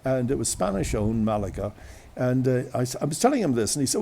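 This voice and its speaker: A man's voice: medium pitch, very animated, quick pace, gravelly, mellow. An Irish man, a radio host, telling a long chatty story outdoors on a windy day, full of asides and restarts. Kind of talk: rambling anecdotal storytelling. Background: wind.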